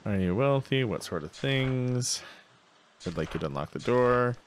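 A man's voice: mid-range voice, expressive, unhurried, slight background noise. A man giving casual gameplay commentary, chatting to himself and reading game text aloud. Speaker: let's play host.

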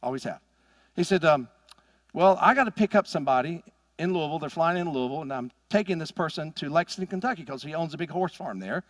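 A middle-aged man preaching a sermon as pastor, swinging from loud emphatic peaks to quiet asides. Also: on the high side, expressive, fast, no echo, studio quality. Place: church sanctuary.

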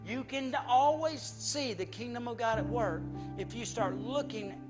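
A man preaching a sermon as pastor with a Southern US accent, swinging from loud emphatic passages to hushed ones. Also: extremely high pitch, measured pace, over music. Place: church sanctuary.

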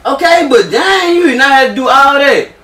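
A man's voice: very high voice, lively intonation, moderate pace, sharp tone, recorded from a distance. Young man arguing in an echoey room. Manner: casual slang, laughs off her anger. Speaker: vlogger. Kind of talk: argument with girlfriend.

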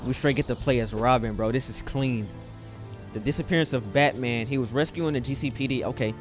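A man's voice: mid-range voice, brisk. A young man commentating his game, hyped and casual, using lots of slang into a headset. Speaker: gaming YouTuber. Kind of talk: let's play commentary. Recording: voice over game music.

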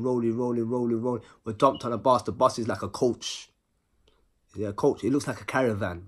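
A man spins a casual storytime monologue. His voice is husky and mid-pitched, and his delivery is animated and packed with street slang and rhythmic repeated words.

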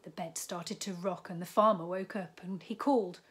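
A woman primary school teacher reading a picture book aloud to young children, gently pausing for asides about the pictures. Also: lowish voice, steady tone, husky.

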